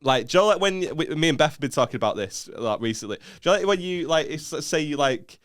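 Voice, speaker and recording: A man's voice: fairly high pitch, expressive, brisk, fairly bright tone, no room sound, clean studio sound. A man from northern England co-hosting a podcast, talking bluntly and opinionatedly in casual, sweary chat. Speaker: podcast co-host.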